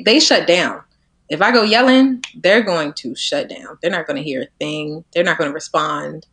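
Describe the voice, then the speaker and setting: A woman in her twenties talking reflectively as a podcast guest, laughing often and trailing softer at the ends of her thoughts. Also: fairly low pitch. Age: 20s. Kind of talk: casual conversation.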